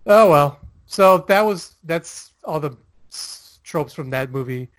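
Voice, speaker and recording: A man's voice: a little high, lively intonation, takes it slowly, fairly bright tone, no echo. A man co-hosting a casual chat, rambling with lots of fillers and laughing often. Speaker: podcast co-host.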